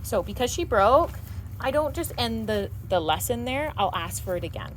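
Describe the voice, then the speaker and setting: A woman dog trainer explaining her steps during an outdoor training session, between soft cues and praise for the dog. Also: fairly high pitch, expressive, moderate pace. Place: outdoors near a road. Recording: outdoor noise, passing vehicles.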